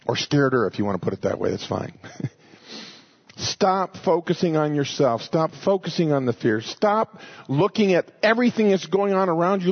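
A man's voice: a little high, animated, moderate pace, husky, highs cut off. A man preaching a sermon, emphatic and repeating short commands.

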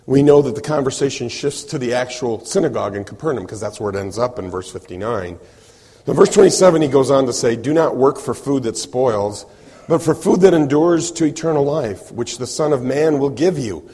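A man's voice: mid-range voice, fairly quick, husky, in a large hall. A man preaching a sermon as a pastor, explaining a passage and acting out the voices he quotes. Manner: animated, acts out quoted voices.

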